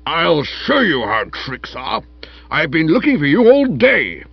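A man voicing a huge, furious young man who growls hoarse threats, in a dull lo-fi recording. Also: a little high, wildly swooping pitch, unhurried, no room sound, voice pushed up, full character voice. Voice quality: hoarse, gravelly.

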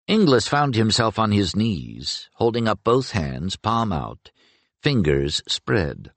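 Slow, expressive male audiobook narrator. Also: on the low side, no echo. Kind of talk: scripted narration.

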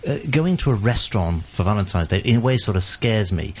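A man's voice: lowish voice, lively intonation, brisk, slightly rough. A man hosting a radio chat, musing in a hesitant way with fillers. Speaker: radio host.

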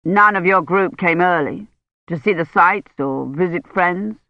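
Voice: mid-range voice, close to an everyday voice. A reader plays a tired older man, an academic who weighs each word and questions people methodically. The audio is muffled and dry, with no room echo. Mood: careful. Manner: measured, careful. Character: weary older male Oxford don, careful.

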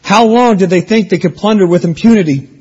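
A man's voice: high-pitched, fairly quick, darkish tone, slightly rough, lo-fi sound. A man preaching an expository sermon, reading scripture aloud and explaining it in an earnest teaching manner. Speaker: pastor.

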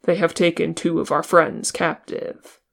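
Aragorn, a reader voicing a calm ranger. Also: medium pitch, gravelly. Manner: calm, measured. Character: grave, steady male ranger leader. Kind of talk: audiobook character reading.

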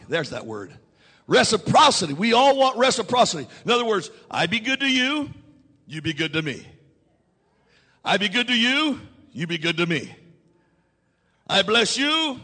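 A pastor preaches a sermon in a strikingly high, bright voice, repeating his key lines and calling for the congregation to answer as he climbs to shouts. The long reverb of a large hall rings around his words.

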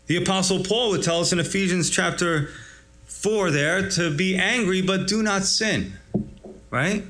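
A man's voice: high voice, a little slow, pushed and bright. A male pastor giving a conversational sermon on a scripture passage, acting out the quotes and chuckling now and then. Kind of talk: expository sermon.

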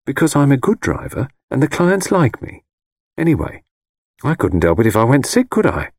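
A man's voice: medium pitch, wildly swooping pitch, normal speed, darkish tone, dry recording, studio quality, pitched above the performer's own voice. A man voicing an offhand, restless young man. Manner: offhand, slightly defensive. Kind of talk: audiobook character voice.

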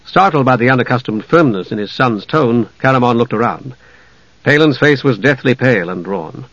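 A man narrating a fantasy audiobook in a measured, even delivery at a mid pitch. The recording is dry and close, with a slightly dull, band-limited tone. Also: no room sound. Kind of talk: scripted narration.

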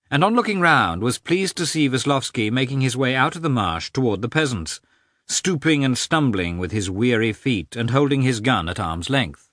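A man reading a novel aloud as an audiobook narrator, with expressive, shifting inflection. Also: moderate pace, no echo, studio quality. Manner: reads with lively, expressive inflection, lifting pitch for characters' shouts. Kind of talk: scripted narration.

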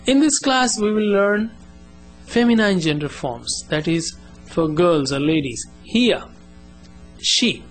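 Man teaching Arabic in deliberate drills. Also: on the high side, animated, soft background music. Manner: slow, deliberate, drills words for repetition. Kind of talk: beginner language lesson.

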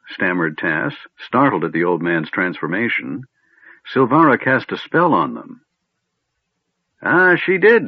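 A man's voice: low voice, husky, no echo, exaggerated voice. A man voicing a vague, fussy old male wizard who rambles absent-mindedly and gets huffy. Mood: stern. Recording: tinny phone-like line, dry.

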